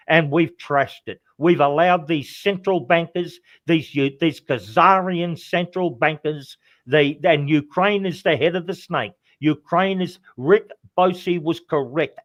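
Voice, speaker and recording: Fired-up Australian male guest, higher voice, dry close sound, repeats for emphasis. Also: dry recording. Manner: impassioned, repetitive, keeps saying "mate". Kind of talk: political commentary chat.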